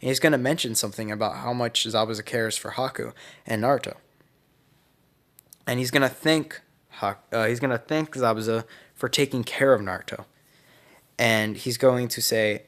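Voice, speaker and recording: A man's voice: medium pitch, fairly even intonation, normal speed, a bit bright. A young man casually narrating a fan-made story, speculative and rambling, often correcting himself.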